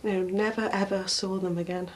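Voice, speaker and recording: A woman's voice: medium pitch, flat delivery, brisk, close to an everyday voice. An actress playing a worried, guilt-ridden mother in a TV soap drama, speaking anxiously.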